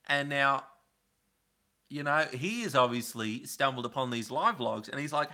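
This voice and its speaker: A man's voice: medium pitch, measured pace, pushed and bright. A man chatting casually on a live stream, rambling and answering viewer comments. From Australia. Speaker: livestream host.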